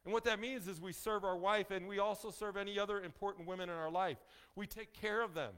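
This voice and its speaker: Male pastor, slightly high voice, folksy sermon delivery with jokes to the pews, leans on key lines. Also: a bit bright. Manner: folksy, joking asides to the congregation; emphatic, slows down on key phrases.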